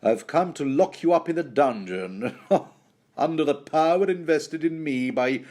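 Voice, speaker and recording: A pompous villain of a knight, as a man puts him on, barking orders in a raised, stretched-out voice. He speaks slowly and grandly, as if savouring his authority. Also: on the high side, lively intonation, a little mellow, pitched above the performer's own voice. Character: pompous villainous male knight, cold and officious.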